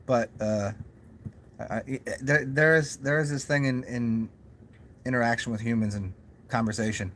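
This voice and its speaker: Young guy rambling to his cam at home, restarts a lot, mid pitch, faint hum behind. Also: fairly even intonation, moderate pace, a bit bright. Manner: rambling, musing, many restarts and asides. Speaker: vlogger. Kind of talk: casual rambling monologue.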